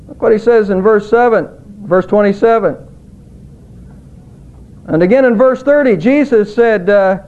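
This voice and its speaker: High-voiced preaching man, tinny audio. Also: fairly quick. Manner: earnest preaching, emphatic rises on quoted words. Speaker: pastor. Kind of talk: sermon.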